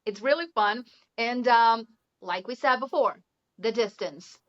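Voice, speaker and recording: Chatty Brazilian woman, higher voice. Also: measured pace, a bit bright. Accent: Brazilian Portuguese. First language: Portuguese. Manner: chatty, laughs often, many "you know" fillers. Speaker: guest, English teacher. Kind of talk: casual interview chat. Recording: muffled lo-fi audio.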